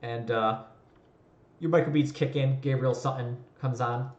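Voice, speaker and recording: A man's voice: medium pitch, fairly even intonation, measured pace, roomy sound, highs cut off. A man running a tabletop game as game master, narrating in a loose, rambling way.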